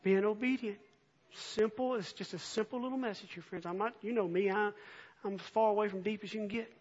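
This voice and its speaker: A man preaching a sermon, moving from quiet scripture reading to earnest, impassioned appeals. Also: high-pitched, steady tone, fairly quick, husky. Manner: earnest, swells from soft reading to impassioned near-shouting. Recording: dull lo-fi recording.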